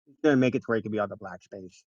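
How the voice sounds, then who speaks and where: A player at an online tabletop game jokes and banters. The voice is dark and mellow, with a dull, lo-fi sound in a dry space. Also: mid-range voice, rapid-fire, no echo. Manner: joking, playful banter. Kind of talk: casual chat over a tabletop game.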